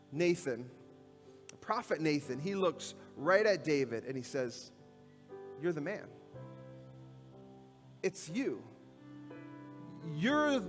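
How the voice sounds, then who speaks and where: A man's voice: sits high, big-room sound. A male pastor preaching a sermon in a church, retelling a scripture story in everyday, conversational words. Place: church sanctuary.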